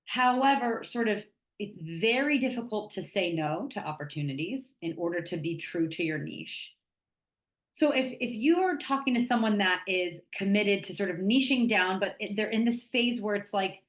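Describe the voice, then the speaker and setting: A woman's voice: mid-range voice, animated, normal speed. Podcast host woman in an echoey room. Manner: thoughtful, rambling questions with many fillers. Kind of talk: conversational interview.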